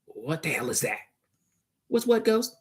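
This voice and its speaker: A man's voice: fairly high pitch, big pitch swings, a little slow, slightly rough. A man rambling and cursing in a casual monologue, arguing back and forth with himself. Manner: profane, rambling, argues with himself.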